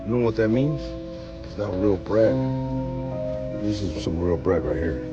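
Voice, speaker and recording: A man's voice: on the low side, animated, unhurried. A man casually demonstrating and comparing products in a conversational, demonstrative tone. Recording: lo-fi clip with loud music.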